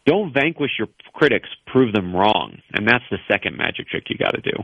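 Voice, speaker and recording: A man from New York, an author guest on a radio talk show, telling personal stories in an earnest, animated way. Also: on the low side, brisk, creaky, no room sound, highs cut off. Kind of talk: radio interview storytelling.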